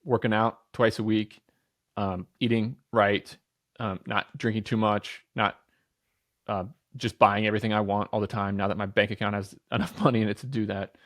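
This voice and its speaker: Here a thirties-aged man with a lowish, steady voice talks at normal speed. He's a guest on a podcast chatting casually, full of energy and emphasis, repeating himself, restarting sentences, and dropping casual swears.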